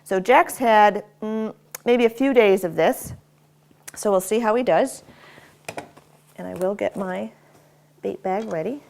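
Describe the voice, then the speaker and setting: A woman's voice: medium pitch, unhurried, creaky, pauses often. A woman dog trainer explaining commands and praising her dog as she works him. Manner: praises the dog warmly and often in a bright raised voice. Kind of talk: instructional dog training demo. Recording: faint background noise with clicker clicks.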